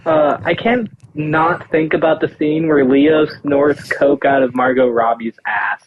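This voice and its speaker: A man's voice: fairly high pitch, a little slow. A young man co-hosting a comedy podcast, telling a story with many ums and likes. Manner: rambling with filler words. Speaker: podcast co-host. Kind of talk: casual storytelling chat. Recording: slightly dull lo-fi sound.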